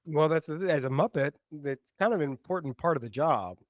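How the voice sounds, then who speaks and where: Wisecracking man with a higher voice. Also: brisk, no room sound. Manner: joking, deadpan quips. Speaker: podcast co-host. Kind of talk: casual podcast chat.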